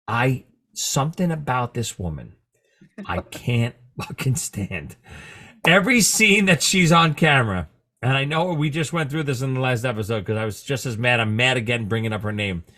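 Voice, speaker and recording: A man hosting a casual podcast, telling animated stories and cursing freely. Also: mid-range voice. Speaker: podcast host. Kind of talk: casual chat.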